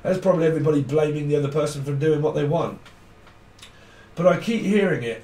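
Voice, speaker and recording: A man's voice: on the high side, fast talker, dark tone. A man giving a rambling tarot reading, blunt and swearing casually as he goes. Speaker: tarot reader. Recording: echoey room, mic at a distance.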